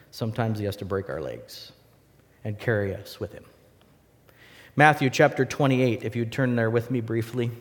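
Male preacher, animated storyteller, mid-pitched voice, reverberant hall. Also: normal speed, long pauses. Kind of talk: sermon.

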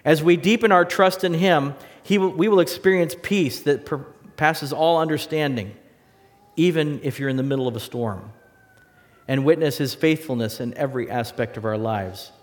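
A man preaching a sermon with illustrations and a closing prayer, talking earnestly, rising for emphasis and dropping soft. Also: a little high, moderate pace, in a large hall.

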